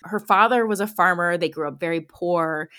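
A woman's voice: on the low side, normal speed, fairly bright tone. A woman in her thirties telling a story in a casual chat, with many filler words. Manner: chatty, lots of "like" fillers, laughs often. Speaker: podcast host telling a true-crime story.

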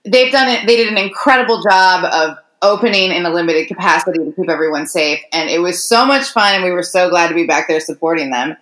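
A woman's voice: on the low side, fast, hardly any pauses, fairly bright tone, reverberant. A woman co-hosting a podcast in casual chat, teasing and blunt with her friend. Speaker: podcast co-host.

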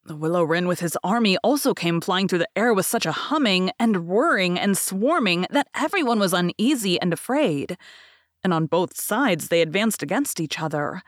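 A woman reading a fairy tale aloud in a measured, expressive storybook manner. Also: on the low side, no room sound, clean studio sound. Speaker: podcast host and reader. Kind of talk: storybook narration.

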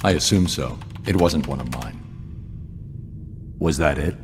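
Stern masked vigilante, very deep and clipped, cartoon soundtrack with music. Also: male voice, a little slow. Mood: cold. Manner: cold, clipped, terse. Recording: reverberant animation soundtrack with score.

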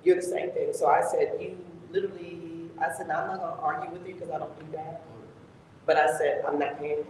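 A woman tells stories in lively casual chat, voicing every side of an argument. She sounds distant from the mic, in a very echoey room with a long reverb tail and faint background noise. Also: deep voice, a little fast. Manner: animated, retells arguments with quoted dialogue. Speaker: co-host.

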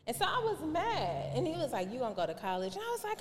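A woman telling a long personal story in a casual podcast chat, animated and acting out remembered dialogue in different voices. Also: sits high, a little fast, few pauses. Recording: reverberant room with faint background noise.

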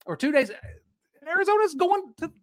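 On a podcast he co-hosts, a man with a very high voice rants animatedly about sports at a moderate pace, his casual talk full of stops and restarts.

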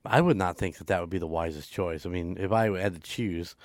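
A man with a fairly low voice joins in the chat with blunt questions and casual swearing. He speaks in an unpolished, conversational way. The recording is dry and close. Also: fairly quick, a little mellow, no echo. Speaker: podcast co-host.

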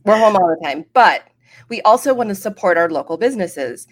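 A woman in her fifties co-hosting a podcast, chatting in a relaxed, wry way. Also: medium pitch, fairly quick. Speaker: podcast co-host. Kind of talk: casual podcast chat.

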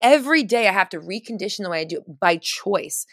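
A woman's voice: medium pitch, expressive, fast talker, hardly any pauses, fairly bright tone, no echo, studio quality. A woman giving casual, chatty coaching on a live stream, full of fillers and restarts, stressing points by repeating phrases.

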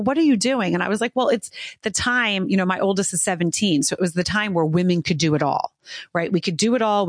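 A woman's voice: mid-range voice, dry recording, clean studio sound. A middle-aged woman hosting a casual chat, telling rambling personal stories and acting out quoted dialogue. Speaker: host.

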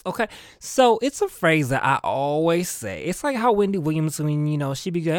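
Sassy, animated male podcast host. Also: on the high side, moderate pace, no echo, clean studio sound. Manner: sassy, playful, diva-ish; laughs often, chatty and teasing. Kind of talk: casual solo podcast chat.

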